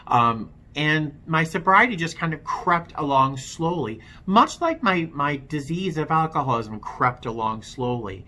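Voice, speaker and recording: A man's voice: fairly high pitch, animated, a little slow, few pauses, bright, forceful tone. A man vlogging his own recovery story, frank and self-deprecating, talking loosely with plenty of fillers. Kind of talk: candid personal storytelling to camera.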